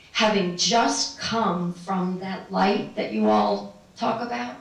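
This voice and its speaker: A middle-aged woman telling a personal spiritual story to a live audience, meandering and laughing often. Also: mid-range voice. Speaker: spiritual speaker. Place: room with an audience. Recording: very echoey room, distant mic.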